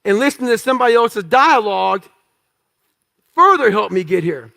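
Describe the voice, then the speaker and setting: A man's voice: sits high, lively intonation, moderate pace, vocal fry, bright, forceful tone. A man giving a motivational talk, telling stories from his life bluntly and with profanity, acting out the voices of other people in them. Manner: acts out quoted dialogue in story. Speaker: motivational speaker. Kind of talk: storytelling talk to an audience.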